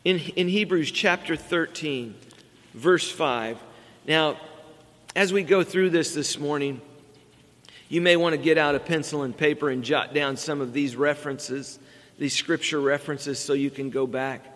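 A man's voice: on the high side, measured pace, fairly bright tone. A middle-aged man preaching a sermon as pastor, earnest and building emphasis on key words. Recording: long reverb from a large hall.

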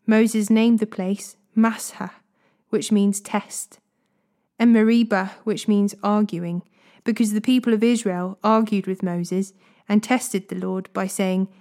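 A woman reading Bible passages aloud in a steady, measured way. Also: mid-range voice. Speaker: Bible reader. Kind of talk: scripture reading.

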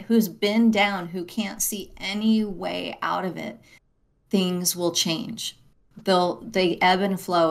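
A middle-aged woman, a guest on an interview show, speaking earnestly with frequent "right?" tags and restarts. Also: lowish voice. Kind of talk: interview conversation.

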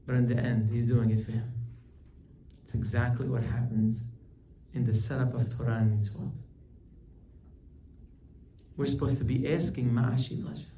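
A rabbi teaching his weekly class in an animated storytelling manner, with his pitch shooting up high for emphasis. His mid-range voice echoes around an indoor room. It is picked up from some distance, with faint ambience underneath. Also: normal speed, long pauses, a little hiss or hum. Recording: roomy hall, distant mic, faint ambience.

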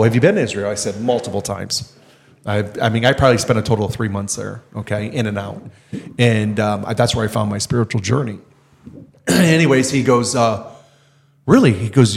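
A man's voice: on the low side, vocal fry. A man guest on a podcast telling an anecdote casually, acting out the dialogue he recounts. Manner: anecdotal, acts out quoted dialogue. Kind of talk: casual conversation.

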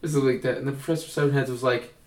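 A man's voice: mid-range voice, fairly even intonation, very fast. A young man telling rambling stories in casual chat, co-hosting a podcast. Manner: rambling, acts out quoted voices. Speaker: podcast co-host. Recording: roomy, distant mic.

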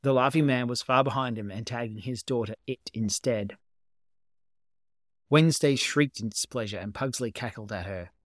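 Calm male storyteller, dry close mic. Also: mid-range voice, moderate pace, dry recording. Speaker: amateur reader. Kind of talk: audiobook narration of fan fiction.

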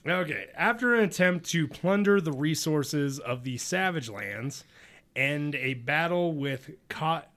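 An upbeat, animated podcast co-host chats casually while recapping comics. His voice sits on the high side and he's unhurried, joking, laughing often, and mocking characters in put-on voices.

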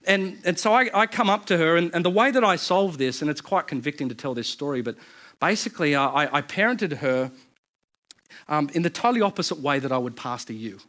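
A man, a pastor in his thirties, preaching a sermon in a conversational, storytelling way with quick asides and restarts. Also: a little high, animated, fairly bright tone.

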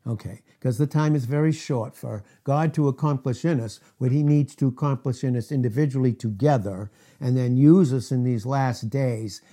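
A middle-aged man preaching a sermon as pastor, emphatic, asking rhetorical questions and swinging from loud to hushed. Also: mid-range voice, moderate pace, hardly any pauses.

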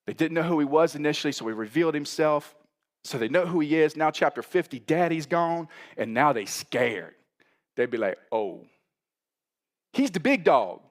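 A middle-aged pastor with a mid-range voice preaches conversationally and with animation, working up to bursts of emphasis.

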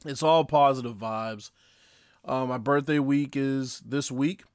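A man in his late twenties hosts a sports podcast, talking casually and speaking straight to his listeners in a brash, profane, upbeat way. His mid-range voice is slow and smooth with fairly even intonation, recorded in a clean studio with no echo.

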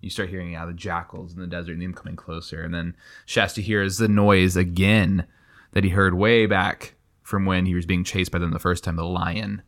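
Deep-voiced young man, rambling book chat. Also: little pitch movement, normal speed, a bit bright. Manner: enthusiastic, rambling, lots of fillers. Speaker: podcast co-host. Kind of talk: casual book discussion.

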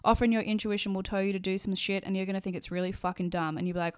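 Fast-talking sweary woman. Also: mid-range voice, smooth. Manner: blunt and sweary, lots of profanity; animated, acts out quoted voices. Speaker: podcast host. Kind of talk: casual solo podcast monologue.

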